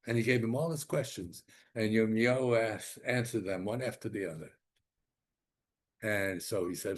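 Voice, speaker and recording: An older man, a rabbi, giving an animated Torah lecture with emphatic repeats and restarts. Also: on the low side, moderate pace.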